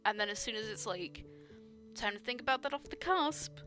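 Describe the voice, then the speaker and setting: This artist streamer, a young woman, sounds a little high and animated, speaking at normal speed with a sharp tone as soft music plays behind her. She draws while chatting loosely, rambling with lots of fillers and laughter and gushing over art.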